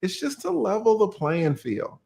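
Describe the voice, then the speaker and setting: A man's voice: sits high, very animated, unhurried, gravelly, mellow. A man with a Southern accent from Georgia, an attorney guest in a casual livestream chat, laid-back and asking rhetorical questions.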